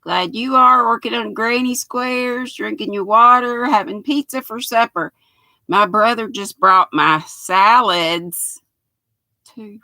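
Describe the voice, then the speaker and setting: A woman's voice: medium pitch, pushed and bright, dry recording. An older woman with a Southern accent, hosting a casual livestream, chatting folksily and greeting viewers one by one by name. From North Carolina. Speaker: livestream host.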